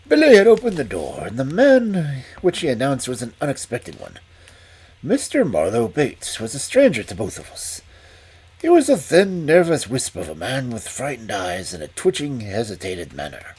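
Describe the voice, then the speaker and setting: A man reading a detective story aloud as a storyteller, in an expressive manner. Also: mid-range voice, normal speed, husky.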